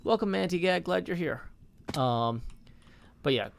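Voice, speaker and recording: A man's voice: a little high, expressive, measured pace, gravelly, slight background noise. Tired man rambling on a live stream. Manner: rambling, self-correcting, reads chat aloud. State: tired from little sleep. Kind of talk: casual live-stream chat.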